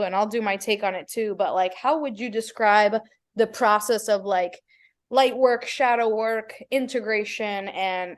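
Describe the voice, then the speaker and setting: A woman hosting a podcast, talking casually and expressively with playful asides. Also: medium pitch. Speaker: podcast host. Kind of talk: casual spiritual chat.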